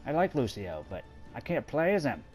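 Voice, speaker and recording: A man giving excitable, swearing let's play commentary while gaming and talking to his teammates. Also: mid-range voice, normal speed. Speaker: gamer. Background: game music and sound effects.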